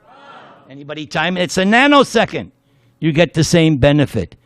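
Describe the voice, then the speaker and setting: A man's voice: a little high, sing-song, a little fast, no echo. A man giving a devotional class lecture, telling stories with jokes and leading the audience in chanting. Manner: playful, leads the audience in call-and-response chanting; storytelling with jokes. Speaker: spiritual lecturer.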